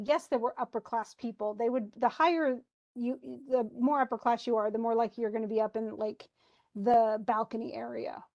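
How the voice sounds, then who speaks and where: A woman's voice: fairly high pitch, darkish tone, highs cut off. Chatty woman teaching a play. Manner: chatty, restarts often, reads lines aloud with emphasis. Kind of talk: classroom lecture on a play.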